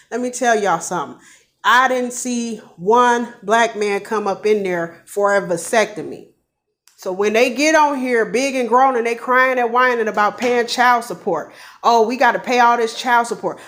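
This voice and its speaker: A woman's voice: mid-range voice, fairly bright tone. A woman working as a nurse, giving blunt, profane and heated commentary on a crime case to her viewers. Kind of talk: ranting true-crime commentary.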